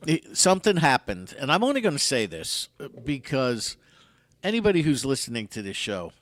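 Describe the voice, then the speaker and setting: A man's voice: mid-range voice, normal speed, no room sound. Older radio host guy in his 60s, voice goes way up and down, tells stories acting out everybody, dry close sound. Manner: animated storyteller who acts out other people's lines. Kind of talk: casual radio chat, storytelling.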